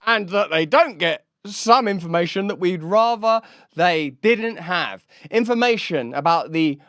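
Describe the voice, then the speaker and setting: A man with an English accent hosting a satirical political commentary, sardonic and mocking with quick asides. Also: sits high, animated, a bit bright, no echo. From England. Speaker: host.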